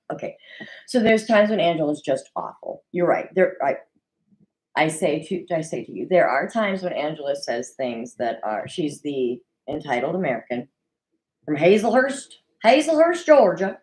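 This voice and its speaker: A woman with a low voice chats through a recap show at home, speaking at normal speed and offering strong opinions. She animates her commentary with mocking impressions of what others said. The audio is poor.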